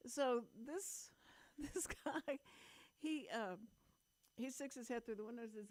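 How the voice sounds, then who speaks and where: A woman's voice: on the high side, unhurried, darkish tone, no room sound. A woman in her fifties hosting a community radio talk show, chatting casually, laughing often and restarting her sentences. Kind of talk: casual on-air chat.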